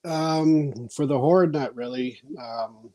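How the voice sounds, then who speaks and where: A man on a podcast, talking quietly and hesitantly while getting over a cold. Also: medium pitch, takes it slowly. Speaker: podcast guest. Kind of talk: casual chat.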